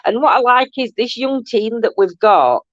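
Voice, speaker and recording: A woman's voice: on the high side, moderate pace, fairly bright tone, no echo. A woman hosting a casual live-stream chat, rambling along and laughing often. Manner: rambling, chatty, breaks into frequent laughter. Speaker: host. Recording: dull, dry lo-fi sound.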